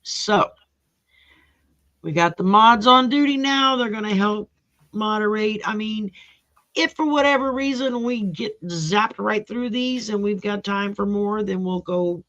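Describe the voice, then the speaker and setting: A woman's voice: medium pitch, unhurried, fairly bright tone. A woman hosting a live tarot stream in a rambling, laid-back way, reading out viewer names. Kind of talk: casual live-stream chat. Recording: dull lo-fi stream audio.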